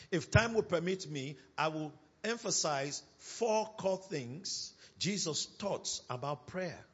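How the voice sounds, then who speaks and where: A man's voice: on the high side, animated, fairly bright tone, husky, lo-fi sound. A man preaching a sermon, reading scripture and repeating his key points with emphasis. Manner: emphatic repetition, slow deliberate phrasing.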